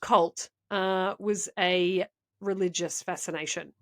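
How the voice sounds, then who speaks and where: A woman's voice: on the low side, steady tone, slow. A woman co-hosting a podcast, telling a story in a rambling, chatty way and laughing often. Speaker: podcast co-host. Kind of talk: casual podcast chat.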